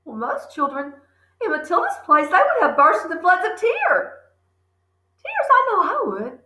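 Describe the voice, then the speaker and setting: A woman teacher reading a children's story aloud, animated and chatty with friendly asides. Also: a little high, echoey room, low-quality recording.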